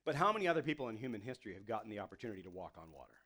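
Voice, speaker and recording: A man's voice: fairly low pitch, big pitch swings, rapid-fire, bright, forceful tone. A man giving a casual, conversational sermon as a pastor, full of "you know" and "like", playfully acting out the people in his story. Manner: playfully acts out the people he quotes.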